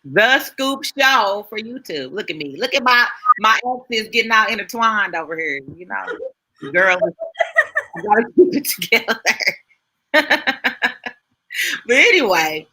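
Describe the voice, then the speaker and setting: A woman's voice: fairly high pitch, very animated, a little slow, pushed and bright. A woman co-hosting a casual live-stream talk show, upbeat and teasing, laughing often between plugs for the show. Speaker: co-host.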